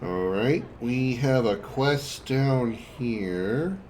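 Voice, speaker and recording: A man's voice: mid-range voice, very slow, hardly any pauses, a little mellow, a little hiss or hum. Wry, chatty male game streamer. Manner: wry, chatty, self-deprecating. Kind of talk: casual gameplay commentary.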